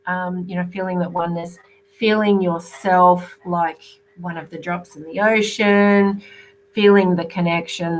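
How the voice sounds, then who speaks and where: A soft-spoken Australian woman gives oracle card readings on a live stream, warm in tone and unhurried. Her voice sits slightly low and she drifts along with fillers and gentle laughs. A faint hum runs under the recording. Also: low-quality recording. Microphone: computer or phone mic on a live video call.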